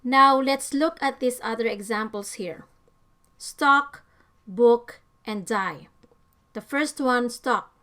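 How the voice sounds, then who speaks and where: A woman with a fairly high voice reads a scripted vocabulary lesson. She speaks carefully and deliberately, leaning on each example word as she defines it. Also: sharp tone. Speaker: English teacher.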